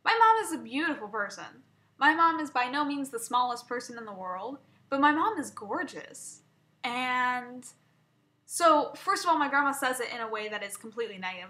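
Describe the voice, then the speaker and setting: A woman's voice: sits high, sing-song, normal speed, pushed and bright. A young woman vlogging an emotional personal rant, rambling and swearing, often stumbling and restarting.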